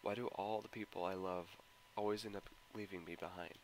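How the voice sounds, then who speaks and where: A man reads a visual novel mod in a low-pitched voice with a steady tone, a little fast, narrating in the first person with dramatic, emotional anguish. The poor audio has slight background noise along with guitar music.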